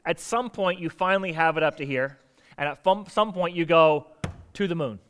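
A man preaching a sermon as pastor, animated, asking rhetorical questions and acting out quoted lines. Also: a little high, normal speed, slight background noise.

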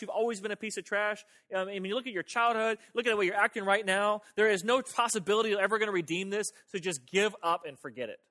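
A taunting, belittling male devil's voice, put on by a preacher in the middle of a sermon. It comes out fairly high for a man, scornful and cutting. The voice keeps piling on insults. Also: sharp tone, exaggerated voice.

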